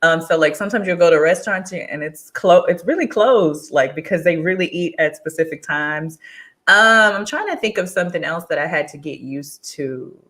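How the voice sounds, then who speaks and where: A woman from Texas, chatting as a guest in a casual interview, laughing often and getting animated when she quotes people. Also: lowish voice, normal speed. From Texas, USA.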